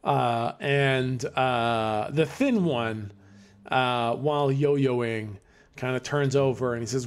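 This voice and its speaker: A man's voice: medium pitch, slow, smooth. A man narrating as game master in a casual way, laughing and filling with restarts.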